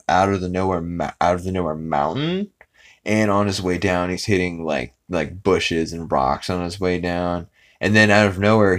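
A man with a very low voice casually recapping a cartoon episode for his podcast. He rambles and stays animated throughout. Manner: rambling and animated, acts out character lines. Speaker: podcast host.

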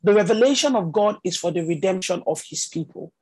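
A woman's voice: lowish voice, expressive, a little fast, a little mellow, breathy edge, poor audio. A woman teaching a prophetic ministry class over a video call, talking conversationally with many "you know" fillers. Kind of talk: teaching session.

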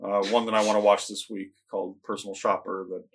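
A man's voice: lowish voice, fast talker. A man in casual chat, rambling through movie plots and acting out lines from them. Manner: rambling, animated retelling of plots, acts out lines. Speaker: podcast co-host reviewing movies.

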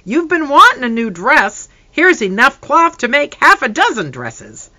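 A booming, good-natured farm father in a storybook reading, as the narrator puts him on, loud and hearty, pitched up and bright. He sounds close and dry, with no room around him. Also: huge pitch swings, a little slow, no room sound, heavily acted.

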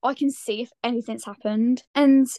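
A woman's voice: fairly high pitch, fairly even intonation, moderate pace, warm tone, dry recording. A teenage girl speaking candidly in a casual podcast chat, full of "like". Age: teens. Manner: candid, earnest, lots of "like". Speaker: podcast guest.

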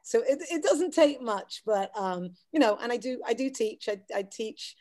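A woman's voice: fairly high pitch, expressive, moderate pace, dark tone. A middle-aged woman from the Wirral with a light Scouse accent touched by American, chatting casually as a guest. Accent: light Scouse mixed with American. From the Wirral, England. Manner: chatty and self-deprecating, with many restarts. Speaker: podcast guest; English teacher. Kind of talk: casual chat.

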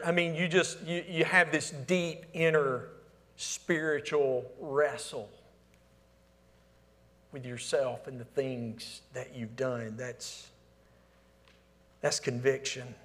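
A man preaching a sermon as pastor, asking the congregation to fill in words and swinging between emphatic calls and hushed, near-whispered lines. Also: mid-range voice. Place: church sanctuary. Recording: long hall reverb.

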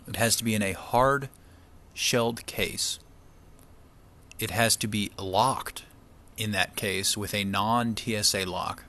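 Brief: male vlogger, lowish voice, casual chatty storyteller, eats between lines. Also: slow pace, long pauses. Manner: chatty, relaxed, acts out quoted people. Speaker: vlogger eating on camera.

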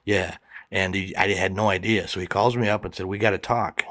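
A man's voice: sits low, fairly even intonation, a little fast, fairly bright tone, dry recording, studio quality. A man telling a personal story in conversation, acting out both sides of the dialogue.

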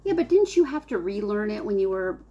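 A woman's voice: medium pitch, big pitch swings, fairly quick, muffled recording. A middle-aged woman, a mother, chatting playfully at the family dinner table, laughing often and slipping into silly voices. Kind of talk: casual family chat.

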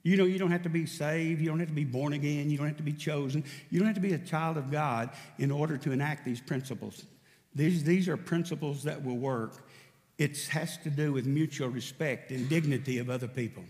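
In a church sanctuary, a male pastor with a somewhat high, slightly mellow voice preaches fairly quickly, his words filling the large hall. He tells stories and acts out bits of dialogue, raising his voice for the characters.

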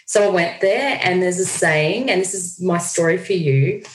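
A woman with a low voice, chatting as a guest over a video call. She tells her stories with energy and acts out the lines people said to her. The sound is roomy and echoey. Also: normal speed. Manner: animated storyteller, acts out quoted lines. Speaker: guest speaker. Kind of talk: casual video-call conversation. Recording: echoey room.

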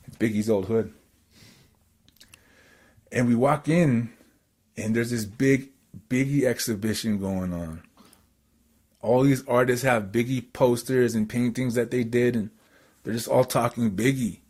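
A man from Canada telling a story in casual chat, excitable and rambling with lots of fillers. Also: mid-range voice, measured pace, pauses often.

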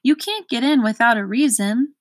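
A woman's voice: on the high side, moderate pace, dry recording, lightly acted. A woman voicing a pompous, impatient male gatekeeper with an officious manner.

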